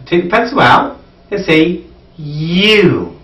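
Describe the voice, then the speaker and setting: A man teaching English pronunciation, saying words slowly for listeners to repeat and praising them. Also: high voice, big pitch swings, fairly bright tone, distant mic. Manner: encouraging, repeats words slowly for learners to echo. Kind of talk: pronunciation drill lesson.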